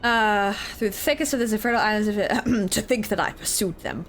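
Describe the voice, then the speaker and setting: Bright, excitable giggly woman streamer. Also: medium pitch, a little fast, soft background music. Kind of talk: casual game streaming commentary.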